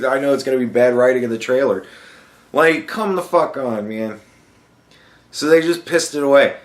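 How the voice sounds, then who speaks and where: A young man hosting a podcast, ranting sarcastically and swearing constantly. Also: mid-range voice. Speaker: podcast host. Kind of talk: profane casual rant. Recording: echoey room.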